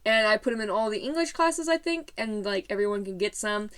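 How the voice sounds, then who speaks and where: A woman's voice: medium pitch, lively intonation, fairly quick, a bit bright, smooth. A teenage girl telling a story in a casual vlog, bubbly and rambling with lots of fillers. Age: late teens.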